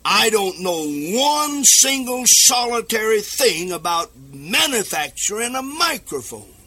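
Fervent, husky-voiced preacher man. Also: high-pitched, big pitch swings, measured pace, soft background music. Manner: fervent, rising to shouts and sing-song emphasis. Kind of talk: radio sermon. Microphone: speaking into a microphone.

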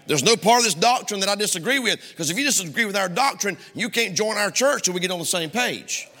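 A man's voice: high voice, expressive, quick pace, bright, forceful tone. A male pastor preaching a sermon from the pulpit with an emphatic, repeating cadence. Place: church sanctuary. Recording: long hall reverb in a church.

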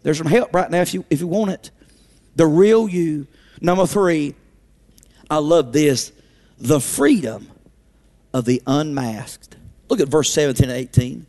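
A man preaching a revival sermon in a church auditorium, passionate and repetitive, swinging between shouts and hushed pleading. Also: a little high, animated, a little slow, pauses often, big-room sound.

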